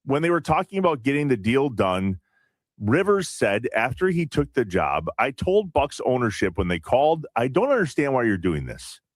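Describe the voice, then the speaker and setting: A man co-hosting a sports radio show in casual talk, measured and questioning as he argues his point. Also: medium pitch, big pitch swings, no room sound, studio quality.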